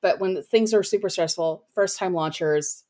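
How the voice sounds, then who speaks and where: Woman, podcast guest, casual chatty talk, lots of fillers, slightly low pitch. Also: normal speed, mellow. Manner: chatty, heavy use of "like" and "you know" fillers. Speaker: podcast guest, copywriter and launch strategist.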